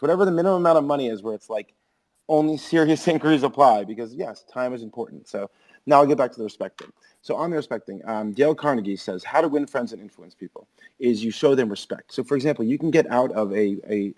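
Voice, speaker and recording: A man in casual podcast chat, rambling and animated, peppering his stories with filler words. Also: mid-range voice, poor audio. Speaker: podcast co-host.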